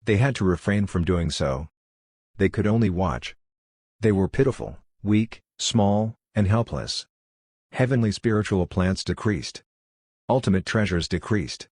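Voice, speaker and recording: A man narrating an audiobook in a steady, matter-of-fact storytelling manner. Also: on the low side, a little slow, no room sound, studio quality.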